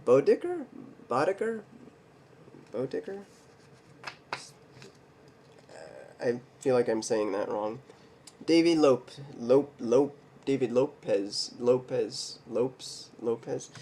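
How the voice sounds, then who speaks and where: A man hosting a card collecting video, slowly reading names off cards, stumbling over some and making little jokes to himself. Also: medium pitch, warm tone, a little hiss or hum. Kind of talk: casual mail day card showcase.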